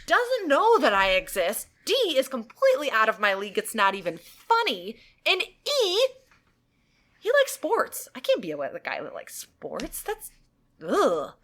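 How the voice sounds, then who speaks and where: A woman's voice: a little high, wildly swooping pitch, a little slow, fairly bright tone. A woman co-hosting a podcast, telling a story in casual chat and laughing often. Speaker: podcast co-host.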